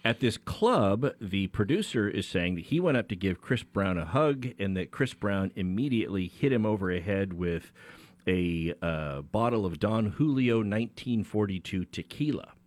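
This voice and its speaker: Low-voiced attorney co-host, lively delivery. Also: male voice, normal speed, no room sound. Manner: explanatory, conversational, with restarts. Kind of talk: radio talk show discussion.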